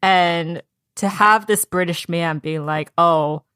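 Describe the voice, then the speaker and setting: A woman's voice: lowish voice, slow pace, smooth, dry recording, clean studio sound. A woman co-hosting a podcast, chatting casually about a novel and acting out characters' lines. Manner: animated, acts out characters' lines in quotes. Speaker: podcast co-host. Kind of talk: casual book club chat.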